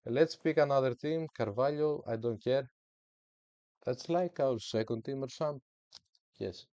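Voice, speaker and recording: A man's voice: mid-range voice, normal speed, mellow, no echo, lo-fi sound. A man giving casual, hyped commentary while streaming a football management game, with playful, slangy trash talk. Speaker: gaming streamer.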